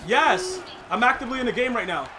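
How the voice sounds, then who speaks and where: A man streaming a football video game, talking fast and loose in street slang, trash-talking and joking between plays. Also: very high-pitched, very noisy. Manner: excitable slangy trash talk. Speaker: gaming streamer. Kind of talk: live gameplay commentary.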